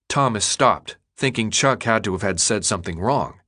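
A man narrating an audiobook in an expressive, dramatic storytelling manner. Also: on the low side, normal speed, few pauses. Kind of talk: scripted narration.

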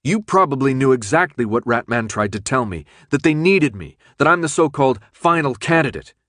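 A man's voice: mid-range voice, big pitch swings, fairly quick, fairly bright tone, no echo, clean studio sound, voice pushed up. A man reading an audiobook, voicing a distrustful young man who speaks curtly and accusingly. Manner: curt, accusing.

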